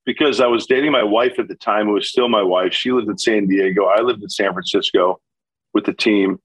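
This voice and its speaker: A man in his sixties, a former pitcher turned broadcaster, telling lively stories in a casual interview and acting out the quotes. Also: brisk, slightly rough, no room sound, low-quality recording. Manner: animated storyteller acting out quotes, laughs often.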